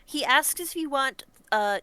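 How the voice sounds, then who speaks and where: A woman's voice: high-pitched, expressive, measured pace, pushed and bright, no echo. A woman narrating a tabletop game as game master, with descriptive storytelling and frequent fillers.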